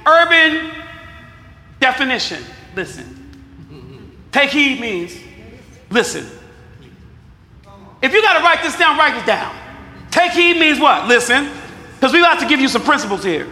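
A pastor preaching in a big echoing hall with a long reverb tail. His voice is very bright and high for a man. He drawls through scripture and slang, and throws questions out for the crowd to answer. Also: sing-song, unhurried, gravelly, long pauses. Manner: call-and-response preaching, shouting at peaks; casual street slang mixed with scripture. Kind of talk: sermon.

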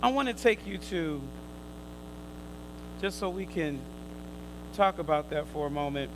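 A man preaching a sermon, quizzing his listeners in call and response, swinging from loud emphatic bursts to quiet asides. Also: a little high, animated, a little slow, background noise.

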